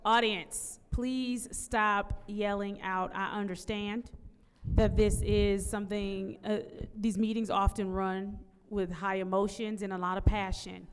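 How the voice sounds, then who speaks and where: A woman's voice: mid-range voice, little pitch movement, measured pace, clear, resonant tone, in a large hall. A woman chairing a council meeting, firm and procedural as she keeps order. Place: council chamber.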